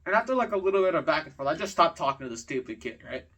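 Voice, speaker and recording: A man's voice: a little high, sing-song, rapid-fire, fairly bright tone. Exasperated teen boy ranting, slightly distant mic. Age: teens. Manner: exasperated, rambling, filler-heavy. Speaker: student vlogger. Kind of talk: casual storytelling rant. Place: home at night.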